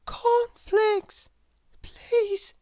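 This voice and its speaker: A woman reading aloud, voicing a timid, tiny man who pleads in a high, thin whisper. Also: lively intonation, slow, no room sound, dull audio, exaggerated voice. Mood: pleading.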